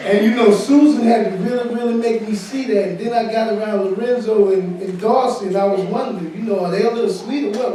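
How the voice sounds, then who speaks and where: A man's voice: sits high, brisk, a crowd in the background. A man who is a pastor, giving candid, informal remarks on a panel at a summit. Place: conference room at a summit. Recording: echoey hall, from far off.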